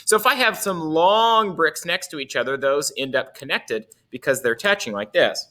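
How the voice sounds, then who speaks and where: A man's voice: on the high side, expressive, normal speed, bright, forceful tone. A man teaching a casual music lesson, playful and chuckling often as he explains.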